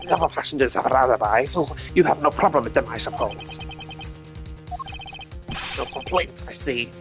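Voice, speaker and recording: A pompous, wealthy art dealer who looks down on everyone, speaking in a made-up foreign accent, as a male streamer puts him on. He sounds curt and superior, mid-pitched. Game music plays behind him. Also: animated, normal speed, fairly bright tone. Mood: accusing. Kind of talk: voice acting a game playthrough.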